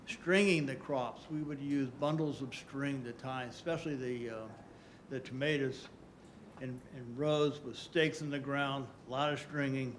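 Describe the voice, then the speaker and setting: A man's voice: fairly high pitch, a little hiss or hum. Folksy older man from Florida. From Southwest Florida. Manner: folksy, storytelling, repeats for emphasis. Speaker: conference speaker. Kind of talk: conference talk.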